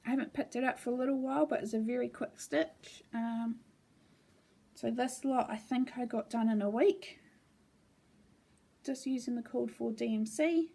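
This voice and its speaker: A woman's voice: on the high side, moderate pace, creaky, breathy edge. A woman casually showing her cross-stitch projects at home, rambling with frequent ums. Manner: relaxed, meandering, with frequent ums. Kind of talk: casual show-and-tell chat.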